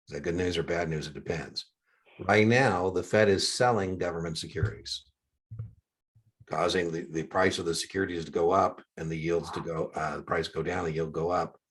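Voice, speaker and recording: Husky low-voiced older man tutoring. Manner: chatty, jokey asides. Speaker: exam prep tutor. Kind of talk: one-on-one tutoring session.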